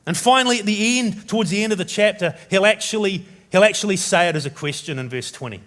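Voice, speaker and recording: A man preaching a sermon as pastor, from New Zealand, turning dramatic and loud when he voices the biblical writer's questions. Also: sits high, expressive, fast talker.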